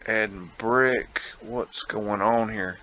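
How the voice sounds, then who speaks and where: A man's voice: on the low side, fairly even intonation, takes it slowly, bright, forceful tone, muffled recording, a little hiss or hum. A man talking casually over a photo slideshow as host, musing aloud, laughing and rambling. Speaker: vlog host.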